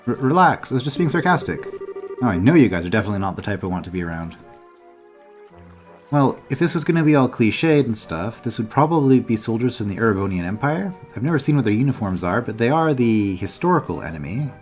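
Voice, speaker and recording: A man's voice: mid-range voice, big pitch swings, fast talker. A man playing through a game, reading its dialogue aloud and adding wry, chatty asides in casual commentary. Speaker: game let's-player. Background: game music.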